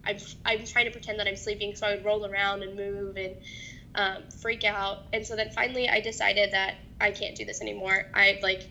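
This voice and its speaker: Woman, young adult, halting interview testimony, gravelly edge, faint low rumble. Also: flat delivery, sharp tone, muffled recording. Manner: halting, hesitant, many restarts. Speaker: guest.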